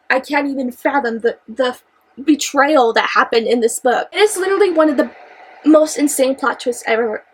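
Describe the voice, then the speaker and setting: A young woman with a high voice talks through a book she loves in casual chat. She gushes and exclaims, and she trips over repeated phrases when she gets worked up. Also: low-quality recording. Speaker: book reviewer. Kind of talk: excited casual book discussion.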